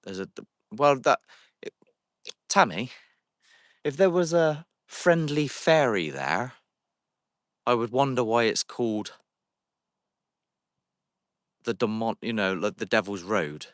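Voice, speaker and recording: A man's voice: medium pitch, expressive, measured pace, pauses often, dry recording, clean studio sound. A man hosting a paranormal livestream outdoors in a cemetery, chatting casually with viewers and calling out to spirits on a handheld phone. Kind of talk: casual live-stream chat.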